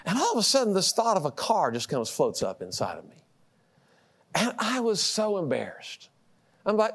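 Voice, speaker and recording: Male preacher, middle-aged, storytelling sermon, very lively pitch, self-mocking laughs. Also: a little fast. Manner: animated storytelling, repeats words, laughs at himself.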